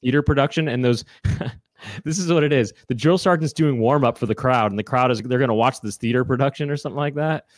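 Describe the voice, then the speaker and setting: Brisk and mid-range, with no echo, this man is a comedian hosting a show. His casual chat is rambling and jokey, packed with fillers and restarts.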